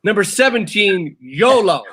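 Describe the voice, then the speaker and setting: High, bright man with dry sarcasm. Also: very animated, measured pace, slightly rough. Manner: dry, sarcastic list commentary. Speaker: co-host reading a list. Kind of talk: casual group chat.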